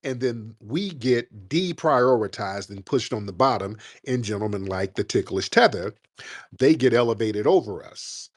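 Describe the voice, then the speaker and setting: Man, radio call-in host, forceful lecturing delivery, animated pitch, dry sound. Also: no echo. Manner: forceful, lecturing, slows for emphasis. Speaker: show host. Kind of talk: heated live call-in debate.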